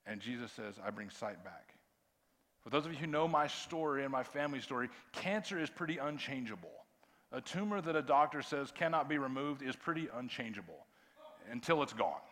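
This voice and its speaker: A middle-aged man, a pastor giving a conversational sermon that swings between hushed quiet and loud emphasis. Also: medium pitch, animated, fairly quick. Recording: long reverb of a large hall.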